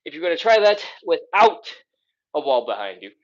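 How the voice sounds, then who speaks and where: A man's voice: on the high side, very animated, moderate pace, dull audio. A man coaching a live follow-along stretching workout, chatty and upbeat, with playful exclamations as he explains each move. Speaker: stretching instructor.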